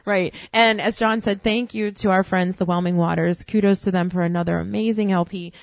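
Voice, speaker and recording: A woman's voice: fairly low pitch, steady tone, fairly quick, gravelly, no room sound. Chatty woman podcast co-host, dry sound. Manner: chatty, asks guests questions. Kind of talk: casual chat.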